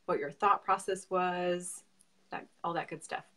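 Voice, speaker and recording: A woman's voice: on the low side, steady tone, a little slow, pushed and bright. A woman hosting an interview for her spiritual group, who speaks effusively with frequent giggles. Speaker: host, spiritual advisor. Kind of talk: casual interview.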